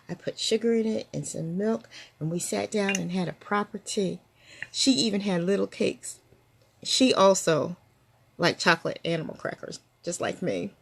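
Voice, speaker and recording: Speaking to camera, an older female host shares reflective personal stories and laughs frequently. She has a lowish voice that is creaky and slightly rough.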